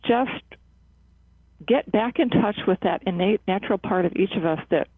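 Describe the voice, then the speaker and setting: Answering an interviewer, the psychotherapist behind a laughter club at a cancer center speaks in a husky, medium-pitched voice, earnest and measured, often restarting and using fillers. There's no echo, just a dry, tinny, phone-like sound.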